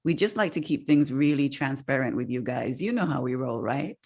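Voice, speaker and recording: A woman hosting a casual podcast, chatty and expressive, laughing often between points. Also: a bass voice, moderate pace, breathy edge. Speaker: podcast host.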